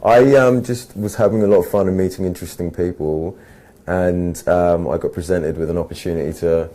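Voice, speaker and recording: Low, dark-voiced English man, slow and dry. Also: fairly even intonation. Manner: slow, measured, dry and teasing. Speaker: actor being interviewed. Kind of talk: casual interview answers.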